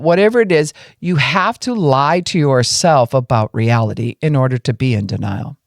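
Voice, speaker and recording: A podcast speaker on grief and emotions gives an earnest teaching talk, explaining emotions step by step. He acts out people's inner voices in quoted lines. His mid-range voice comes at normal speed in clean studio sound with no echo.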